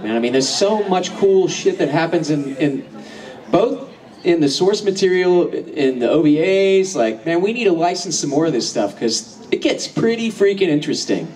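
A man answering fan questions on a convention panel, laughing often and swearing freely as he tells stories. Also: fairly high pitch. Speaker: voice actor guest at a convention panel. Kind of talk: casual convention Q&A, profane and joking. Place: large convention hall with audience. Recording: distant mic in crowded hall.

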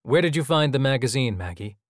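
A stern middle-aged father, brusque and firm, issuing short commands, played by a man. His voice is close and dry. He keeps control of the room without shouting. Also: medium pitch, expressive, fairly quick, dry recording, lightly acted.

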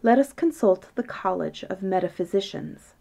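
A woman voicing a wise, composed fairytale queen in a storybook reading, calm and decisive. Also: mid-range voice, moderate pace, vocal fry.

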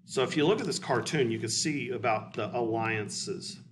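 A man teaching history in a loose, blunt way, as if chatting with students. His voice sits at a middle pitch and is picked up from a distance, with a faint hiss underneath. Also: moderate pace. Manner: blunt, conversational, explanatory. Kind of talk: casual classroom lecture.

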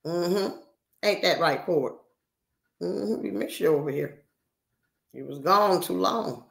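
A woman in her sixties livestreams a casual chat with her viewers, scolding them in a brash, profane, teasing way. Her voice is lowish, slow and gravelly with a fairly bright tone, and the room gives it a roomy echo.

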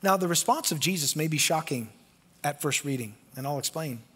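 Guy pastor preaching, goes loud and pleading then real quiet, husky voice, echoey church. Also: a little high, lively intonation, a little fast. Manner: passionate, swings from loud pleading to hushed; acts out quoted voices in conversational asides. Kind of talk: sermon. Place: church sanctuary.

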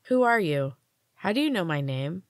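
A woman's voice: on the low side, big pitch swings, moderate pace, dry recording, clean studio sound. A woman reading a wary, defiant teen heroine. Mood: guarded. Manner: guarded, questioning.

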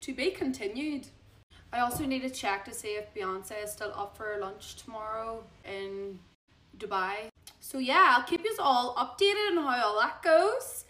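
A young Irish woman telling a gossipy story while getting ready, chatty and animated, recorded on a phone at home. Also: unhurried. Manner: chatty, animated gossip with big pitch swings. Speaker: vlogger. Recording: echoey room.

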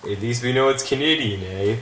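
A man's voice: mid-range voice, fairly quick, fairly bright tone, lightly acted. A man playing a goofy co-host of a spoof cooking show, ending nearly every line with a tag word. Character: goofy male Canadian TV chef. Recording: echoey room, faint noise.

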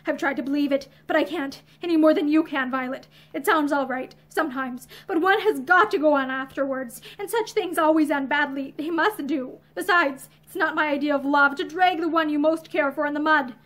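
A woman voicing a sad, weary man, speaking lower and softer in a storybook reading. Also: brisk, few pauses. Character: weary, troubled man, gentle but strained.

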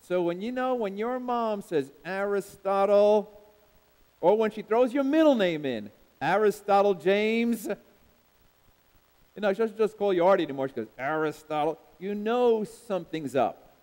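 A pastor with a high, expressive, slightly mellow voice delivers a sermon at a measured pace. He leans on emphatic repeated refrains and calls out for congregational replies, and the church sanctuary adds long hall reverb.

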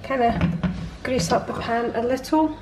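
High-voiced woman prompting with questions. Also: measured pace, music in the background. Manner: prompting, inquisitive. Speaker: co-host asking questions. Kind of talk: casual cooking chat. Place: home kitchen.

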